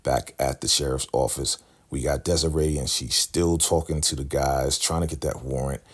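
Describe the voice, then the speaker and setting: A man hosting a casual TV episode recap, talking in an animated way and acting out quoted lines in character. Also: a bass voice, moderate pace. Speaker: recap channel host.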